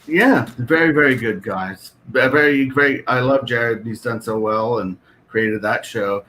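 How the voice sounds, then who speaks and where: A man in a relaxed interview, telling self-deprecating stories with real animation. His voice sits at an ordinary middle pitch, and a faint hiss runs under it from the video call. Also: measured pace, rough recording. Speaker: guest actor. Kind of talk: casual chat.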